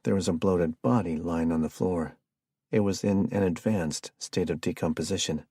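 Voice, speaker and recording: A man narrating an audiobook in an even, measured reading. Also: deep voice, slightly rough, dry recording, clean studio sound. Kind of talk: scripted narration.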